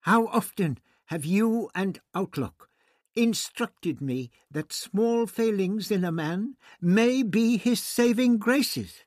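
A man reading an audiobook voices a naive, earnest young man of eighteen who speaks innocently and with gentle reproach. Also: a little high, big pitch swings, slow, slightly rough, no echo, clean studio sound, voice pushed up, exaggerated voice. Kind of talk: audiobook character voice.

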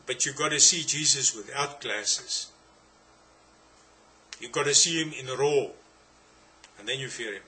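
A man's voice: mid-range voice, unhurried, pauses often, sharp tone. A man with a South African accent preaching a sermon, emphatic and repetitive, firing rhetorical questions at his listeners.

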